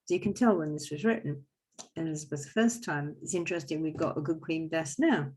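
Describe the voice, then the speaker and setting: A woman's voice: sits low, a little fast, rough recording. A woman host telling about folk customs in a chatty, wry way. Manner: chatty, wry asides, lively explanations. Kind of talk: casual storytelling talk.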